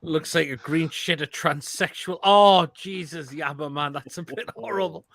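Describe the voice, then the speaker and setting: A man's voice: a little high, normal speed, creaky, pushed and bright. A man, hosting a casual live stream and giving crude, blunt verdicts on viewers' food photos between laughs.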